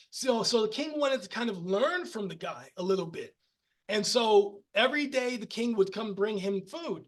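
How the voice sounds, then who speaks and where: High-voiced man telling rambling stories. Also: normal speed. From United States. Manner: animated, rambling with many restarts and laughs. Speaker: podcast guest. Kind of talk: casual storytelling conversation.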